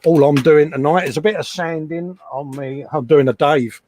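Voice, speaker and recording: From his hobby workshop, a middle-aged man hosts a casual live chat as a livestream host, chatty and self-mocking and often laughing at himself. His voice is a little high and darkish, at normal speed. He's using a desk microphone.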